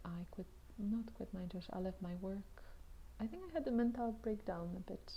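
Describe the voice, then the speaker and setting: A woman casually telling her own story to camera at home. She talks chattily, with restarts and frequent exclamations, and often drops into soft, half-whispered asides. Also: mid-range voice, moderate pace, dull audio, a little hiss or hum.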